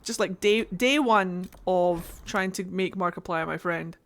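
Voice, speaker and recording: A woman with a Scottish accent streaming a game from home, chatting casually with viewers, excitable and swearing freely. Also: on the low side, unhurried. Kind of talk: casual livestream chat while playing.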